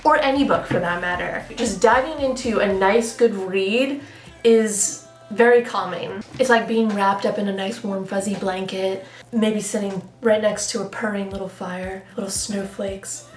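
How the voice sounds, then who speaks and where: A woman vlogger in a casual, chatty talk to camera, expressive and full of "like" fillers. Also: medium pitch, a little slow. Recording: echoey room with faint music.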